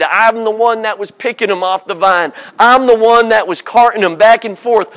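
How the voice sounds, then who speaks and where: Male preacher, high voice, jokey storyteller, sermon in church. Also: moderate pace, few pauses, fairly bright tone. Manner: humorous, storytelling, acts out voices.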